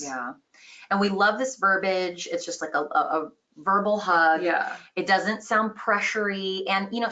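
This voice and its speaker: A woman's voice: lowish voice, creaky, sharp tone. A woman sales trainer leading an online customer-care course, explaining in an upbeat, conversational way.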